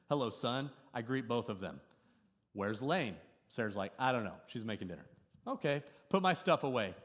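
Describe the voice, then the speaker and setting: Animated storytelling pastor, middle-aged man. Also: medium pitch. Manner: animated storytelling with sudden loud and soft swings. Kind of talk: sermon. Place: church service before a congregation.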